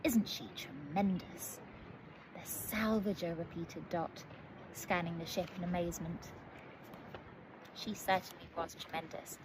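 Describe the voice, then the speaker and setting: Woman reading a kids book, calm storytelling, noisy mic. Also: fairly low pitch. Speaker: author reading aloud. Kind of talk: storybook read-aloud for children.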